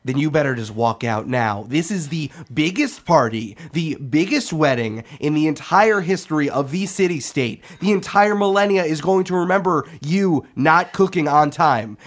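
A man voicing a gruff female half-orc in charge of a kitchen, loud and barking orders. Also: on the high side, voice pushed up, lightly acted.

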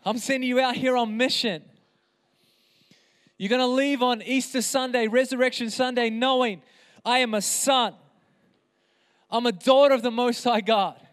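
A man's voice: very high voice, fairly even intonation, normal speed, long pauses, clean tone. Guy pastor preaching hard, repeats his lines, echoey church hall. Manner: impassioned, emphatic, repeats phrases. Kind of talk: sermon. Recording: reverberant hall.

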